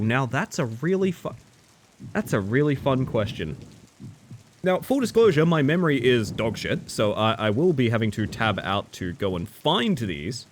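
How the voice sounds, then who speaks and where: With a mid-range voice and a slight hiss or hum in the audio, an Australian streamer talks casually to viewers while playing a horror game. He rambles and pokes fun at himself, alternating between silliness and deadpan.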